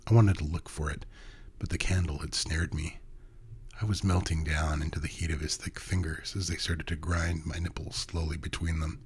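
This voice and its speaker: A man narrating a first-person story in an intimate, hushed way, often dropping to a whisper. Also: a bass voice, little pitch movement, moderate pace, husky.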